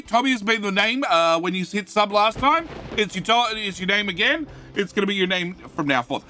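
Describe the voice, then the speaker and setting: A man's voice: sits high, expressive, a little fast, sharp tone, faint music behind. A middle-aged man from Australia with a light Australian accent, chatting casually and self-mockingly on a game live stream, answering chat with many fillers and restarts. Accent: Australian, though light. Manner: rambling, self-mocking, reads chat aloud.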